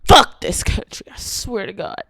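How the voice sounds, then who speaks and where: A woman vlogger in an angry confessional rant, heavy with swearing, swinging between hushed whispers and shouting. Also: a little slow, no room sound.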